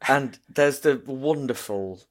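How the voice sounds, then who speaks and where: A man in casual chat, giggling and animated as he describes film scenes. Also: mid-range voice, slow pace. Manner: giggly, animated, laughing through his points. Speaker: podcast co-host.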